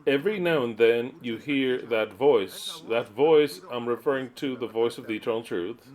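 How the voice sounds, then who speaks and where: A man's voice: mid-range voice, moderate pace, a little mellow. A man preaching to his listeners in an earnest teaching style, repeating his points and reading aloud and explaining them.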